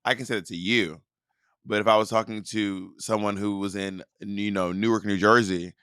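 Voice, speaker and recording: A man co-hosts a podcast in casual chat, blunt and sassy as he argues his points in a lowish voice. The recording is close and dry. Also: steady tone, normal speed, fairly bright tone, clean tone, no echo. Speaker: podcast co-host.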